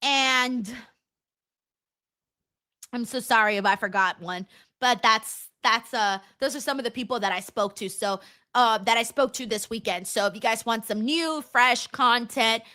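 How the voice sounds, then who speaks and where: A young adult woman hosting a casual livestream, reading out viewer messages in an excitable way, laughing often and swearing freely. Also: on the high side, unhurried. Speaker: livestream host. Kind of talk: casual watch-along chat, reading viewer donations.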